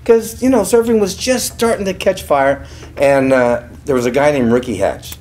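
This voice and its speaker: A man's voice: medium pitch, sing-song, moderate pace, a little mellow, slight background noise. A man in his sixties from California, a guest on a talk show, telling self-deprecating anecdotes and teasing the host. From California, USA. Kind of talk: casual storytelling interview.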